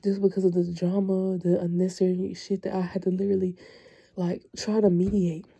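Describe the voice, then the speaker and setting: A young woman rants to her camera about a draining school year, blunt and full of cussing. Her voice sits dark and mellow with a husky, breathy edge. She talks like she's fed up and worn out. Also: mid-range voice, level tone, a little fast. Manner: blunt, profane, venting. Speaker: teacher and coach. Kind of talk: casual vlog rant.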